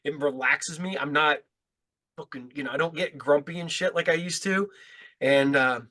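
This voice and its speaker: A man's voice: a little high, normal speed, bright, forceful tone. A middle-aged man telling a laid-back, profane anecdote in a casual podcast chat.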